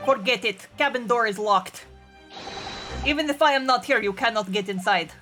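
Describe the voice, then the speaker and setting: A woman voicing a gruff, hostile male sailor who speaks broken English and barks orders, over game music. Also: a little high, moderate pace, natural voice.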